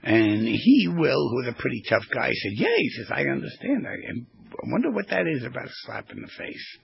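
A male radio host and therapist talks in a casual, animated way, his voice rough with fry and breath. The sound is dry and close, a bit dull and lo-fi. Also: mid-range voice, normal speed, no room sound. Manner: animated, rambling storyteller. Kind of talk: casual radio talk with storytelling.

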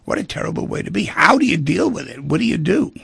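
A man's voice: fairly high pitch, very animated, quick pace, gravelly, fairly bright tone, slightly rough, dry recording. A middle-aged man hosting a radio talk show, talking through feelings and relationships in a conversational way and acting out little scenes. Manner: conversational, acts out quoted voices. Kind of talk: reflective monologue on relationships.

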